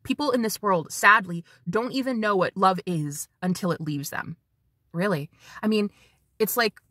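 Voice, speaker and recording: A woman's voice: fairly low pitch, no echo. Chatty swearing psychic woman, dry sound. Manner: chatty, swears freely, animated impressions. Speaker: psychic tarot reader. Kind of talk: casual spiritual reading monologue.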